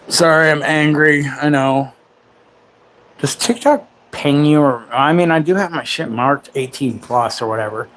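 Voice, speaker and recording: A man's voice: a little high, unhurried, fairly bright tone, slight background noise. Crude, joking man in his forties. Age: 40s. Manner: crude, joking, self-mocking. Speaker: livestream host. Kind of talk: rambling casual livestream chat.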